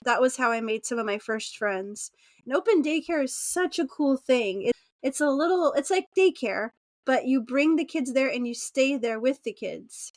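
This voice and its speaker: High-voiced chatty woman, dry sound. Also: lively intonation, moderate pace, no room sound. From Utah, USA. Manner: chatty, laughing, acts out quoted voices. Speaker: podcast guest. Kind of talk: casual interview conversation.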